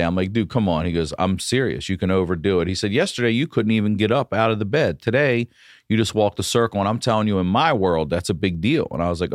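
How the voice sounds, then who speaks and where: A man, a comedian guest on a podcast, telling a story in a casual, profane and animated way. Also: low voice, no echo, studio quality.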